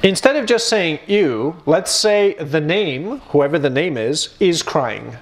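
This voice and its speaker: A man teaching a university computer science class, talking lively and joking with his students. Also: on the high side, slow pace. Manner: lively, switches between English and Armenian, jokes with students. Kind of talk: live classroom lecture. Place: university lecture hall. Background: students in the room.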